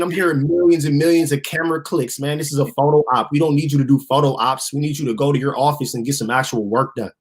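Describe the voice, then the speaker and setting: A man's voice: fairly high pitch, slightly rough. A man co-hosting a talk show, giving blunt, slangy political commentary with the odd laugh. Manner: blunt, laughing, slangy, slows to stress points. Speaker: co-host.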